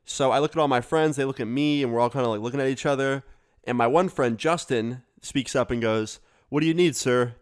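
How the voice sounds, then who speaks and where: A man telling a storytime vlog story in a casual, profane, animated way. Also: medium pitch, a little fast, clear, resonant tone. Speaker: storyteller vlogger.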